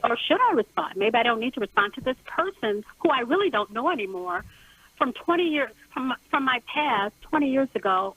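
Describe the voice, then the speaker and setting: A middle-aged woman calling in to a radio advice show, speaking haltingly with many restarts. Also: high-pitched, pushed and bright, dry recording. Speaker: caller. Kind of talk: call-in radio question. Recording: phone line.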